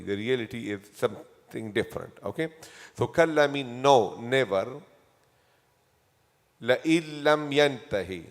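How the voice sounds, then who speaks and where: A man teaching a Quran commentary class in a mosque, patiently drilling terms by repeating them and quizzing his students. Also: medium pitch. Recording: long hall reverb.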